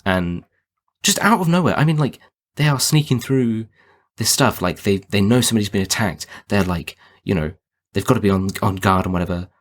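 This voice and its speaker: A man co-hosting a podcast in loose, rambling chat about a film. His voice sits very low, yet it rises and falls a great deal. He talks casually and often circles back on his own sentences. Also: a little fast. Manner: rambling, animated, full of filler words. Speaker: podcast co-host.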